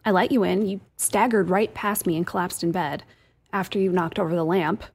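A woman's voice: lowish voice, steady tone, fairly quick, a little mellow, husky. A woman voicing a sweet-talking wife in a told joke, syrupy and overly nice. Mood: matter-of-fact.

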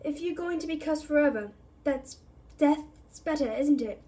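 A woman's voice: high-pitched, normal speed, warm tone, pitched above the performer's own voice, close to an everyday voice. A woman playing a startled, curious schoolboy. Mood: puzzled.

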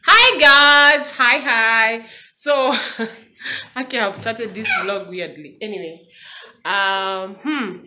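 A woman's voice: medium pitch, steady tone, slow, noisy background. A woman with a Kenyan accent chatting casually on a home vlog, coaxing her toddler with playful questions. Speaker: mother and vlogger. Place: home, indoors.

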